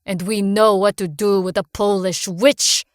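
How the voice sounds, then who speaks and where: A woman's voice: medium pitch, steady tone, unhurried, dry recording, studio quality, close to an everyday voice. A woman voicing a hostile young male bully in a horror story, sneering and threatening.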